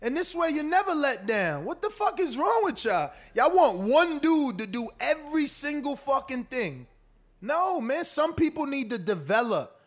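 A man's voice: extremely high pitch, big pitch swings, normal speed. A man hosting a boxing livestream, talking loosely and emphatically, swearing often and rambling. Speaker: boxing podcast host. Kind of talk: casual livestream chat.

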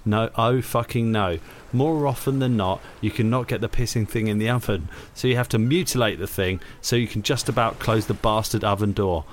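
A man co-hosting a casual podcast, teasing his partner and telling animated stories. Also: fairly low pitch, a little fast, few pauses, slight background noise. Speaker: podcast co-host.

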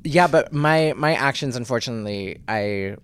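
Candid reflective guy on a podcast, swears a bit, smooth voice. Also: medium pitch, animated, normal speed, dry recording. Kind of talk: casual podcast chat.

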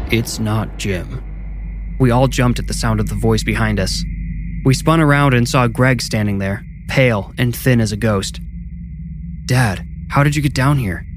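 A man narrating a scripted first-person horror story in a measured, low-key way. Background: music.

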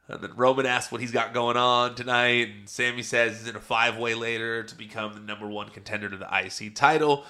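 A man's voice: medium pitch, fairly even intonation, fairly quick, few pauses, bright, forceful tone. A young adult man hosting a podcast, giving a chatty, casual recap of a wrestling show and laughing often as he tells it. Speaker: podcast host.

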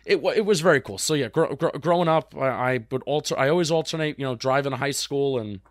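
A young man co-hosting a casual sports podcast, chatty and quick to agree, often restarting his sentences. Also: a little high, no echo, studio quality. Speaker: podcast co-host.

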